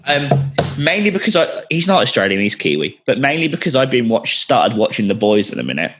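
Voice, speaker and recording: A man's voice: medium pitch, sing-song, brisk, a bit bright. A man co-hosting a podcast, rambling and joking in casual chat, often cutting himself off mid-sentence. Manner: rambling, self-interrupting, jokey. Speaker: podcast co-host.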